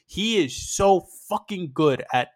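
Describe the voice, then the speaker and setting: A man's voice: high-pitched, lively intonation, slow pace, no room sound, clean studio sound. A man co-hosting a podcast, talking casually and emphatically and swearing freely. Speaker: podcast co-host. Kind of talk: casual chat recapping wrestling.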